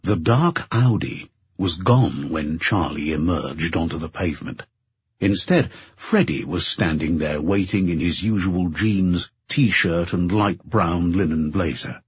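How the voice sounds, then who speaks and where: Male audiobook narrator: low, very husky, measured; dry, muffled recording. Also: no echo. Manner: measured, even storytelling. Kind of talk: scripted narration.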